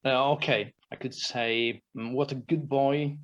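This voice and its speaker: A man's voice: medium pitch, steady tone, a little slow, muffled recording. A man co-hosting a language podcast as a learner, asking curious questions and checking what he has understood. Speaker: co-host and English learner. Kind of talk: conversational grammar lesson.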